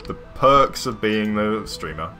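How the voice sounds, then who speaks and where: A man's voice: on the low side, expressive, slow pace, over music. A man live-streaming a building game, chatty and rambling, with playful sound-effect interjections. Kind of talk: casual live game commentary.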